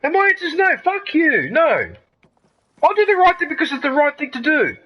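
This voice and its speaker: A man's voice: extremely high pitch, big pitch swings, normal speed, pushed and bright, rough recording. A man, ranting heatedly and with lots of swearing during live gameplay commentary. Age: 50s. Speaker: gaming streamer.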